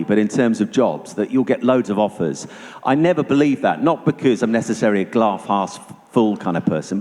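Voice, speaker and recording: A man giving a personal testimony to an audience as a guest speaker, telling it vividly and going hushed at tense moments. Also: fairly low pitch. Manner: vivid storytelling, dropping to hushed tones for tension. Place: church hall. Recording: long reverb of a church hall.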